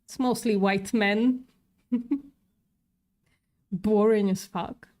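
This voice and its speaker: A woman with a non-native English accent chats on a livestream at an unhurried pace. Her tone is sarcastic and offhand, and she swears casually. Her voice sits at a middle pitch. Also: fairly even intonation, darkish tone.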